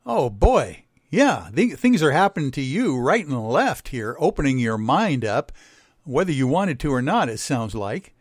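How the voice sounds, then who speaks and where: A man's voice: medium pitch, sing-song, unhurried, no room sound, clean studio sound. A male radio host asking long, winding questions in a casual, chatty way.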